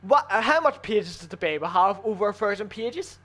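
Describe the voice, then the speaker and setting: A man's voice: high-pitched, lively intonation, normal speed, bright, forceful tone. A man in a casual chat while gaming with friends, arguing heatedly and swearing a lot. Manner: heated, profane, argumentative.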